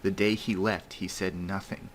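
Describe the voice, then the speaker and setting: A man in a played video, recounting a friend leaving him in a halting, hurt way. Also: sits low, little pitch movement, a little hiss or hum. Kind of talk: personal account in a played video.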